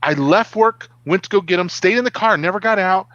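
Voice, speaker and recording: Male co-host, animated storyteller, slightly high pitch, dry close sound. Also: a little fast, no room sound, lo-fi sound. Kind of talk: casual chat.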